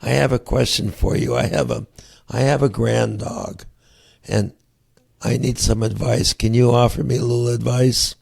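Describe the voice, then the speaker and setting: A middle-aged man hosting an interview, talking in a halting, easygoing way as he asks for advice. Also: mid-range voice, expressive, vocal fry, darkish tone, husky. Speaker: podcast host. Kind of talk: casual interview.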